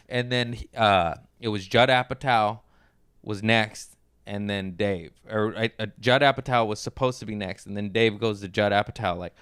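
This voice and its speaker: A man hosting a podcast in casual chat, relaxed, laughing easily and swearing casually. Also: on the low side, normal speed, smooth, no echo, studio quality. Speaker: podcast host.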